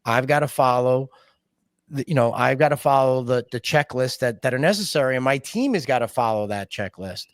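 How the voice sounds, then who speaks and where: A man's voice: medium pitch, expressive, a little fast, no echo. A man from New York hosting a podcast interview, speaking emphatically and giving advice to listeners. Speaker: podcast host.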